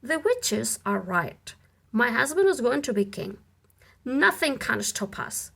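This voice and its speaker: Brief: woman reading pushy scheming noblewoman, insistent, hushed at times, animated. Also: on the high side, slow, creaky, slightly rough, exaggerated voice.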